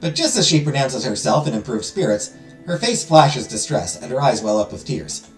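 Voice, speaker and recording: A man's voice: mid-range voice, sing-song, normal speed. A man hosting a let's play, reading a visual novel aloud with dramatic storytelling and joking asides. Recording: roomy echo with music behind.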